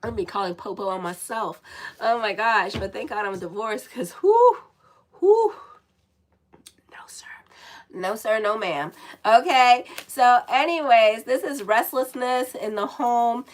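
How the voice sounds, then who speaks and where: Woman astrologer, sick, slightly high voice, chatty, cussing asides. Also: moderate pace, poor audio. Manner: chatty, swears and laughs at her own asides. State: sick, dry lips. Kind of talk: casual horoscope reading.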